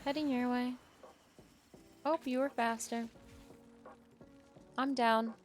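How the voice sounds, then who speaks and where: A woman's voice: a little high, fairly even intonation, takes it slowly, soft background music. Chatty woman streaming a game. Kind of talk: casual chat while gaming.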